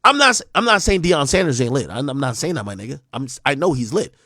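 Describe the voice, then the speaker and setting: A young man on a live stream, commenting bluntly and profanely, rambling between mutters and loud outbursts. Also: mid-range voice, quick pace, no room sound, studio quality. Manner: animated, swings from mumbling to shouting.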